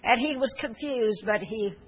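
A woman's voice: a little high, normal speed, husky, rough recording. A woman preaching a sermon, telling stories earnestly with fillers and restarts, and urging her listeners fervently.

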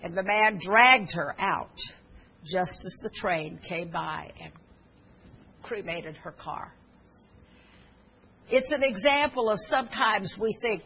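A woman's voice: mid-range voice, lively intonation, takes it slowly, pauses often, sharp tone, slightly rough, low-quality recording. Earnest woman preacher telling stories. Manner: earnest storytelling with fillers and restarts; fervent, urging. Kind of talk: sermon.

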